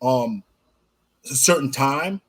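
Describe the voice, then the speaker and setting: A man co-hosting a podcast, telling a personal story in casual chat, animated and laughing as he goes. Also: mid-range voice, takes it slowly, husky. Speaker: podcast co-host.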